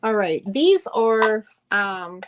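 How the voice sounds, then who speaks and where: With slight background noise, a middle-aged woman speaks animatedly in a medium pitch, stretching out her words. She is hosting a live-stream sale, chatting effusively with viewers and often using fillers and starting over.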